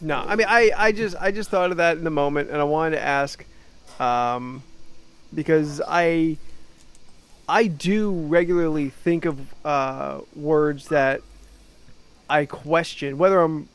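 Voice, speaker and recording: A young man with a light New Jersey accent, talking in a slightly high voice as he co-hosts a casual podcast. He rambles and stalls on fillers while working through his thoughts. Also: smooth. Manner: rambling, halting with many fillers and restarts. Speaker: podcast co-host. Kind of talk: casual chat.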